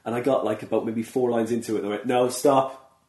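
A man hosting a casual interview, chatty and quick to laugh, acting out little quotes as he tells his stories. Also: fairly low pitch, little pitch movement, dark tone, a little hiss or hum. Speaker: podcast host. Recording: roomy echo.

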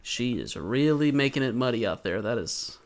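A man's voice: medium pitch, animated, moderate pace. A young man from Georgia with a South Georgia accent, co-hosting a podcast with teasing, joking banter. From Georgia, USA. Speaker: podcast co-host. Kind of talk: casual recap chat.

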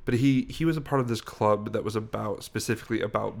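A young man co-hosts a podcast, his lowish, creaky voice moving fast as he tells a rambling story and keeps correcting himself along the way. It's casual podcast chat.

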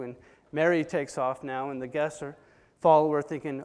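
A fairly high-voiced man preaching a sermon, telling the story with dramatic swings from hushed to loud. His voice rings with long reverb, as if in a large hall. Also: steady tone, moderate pace, clear, resonant tone. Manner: dramatic retelling with swings between soft and loud.

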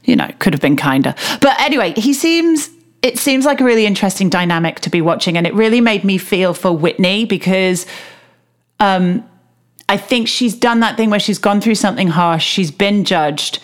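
A woman in her thirties co-hosting a casual podcast. She talks in a candid, chatty way and laughs easily. Her voice sits at an ordinary middle pitch. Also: animated, normal speed. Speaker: podcast co-host. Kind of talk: casual chat about reality TV.

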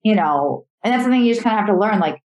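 Over a lo-fi video call, a young woman comedian races through rambling, filler-heavy stories as a guest. Her mid-range voice is animated and a little mellow.

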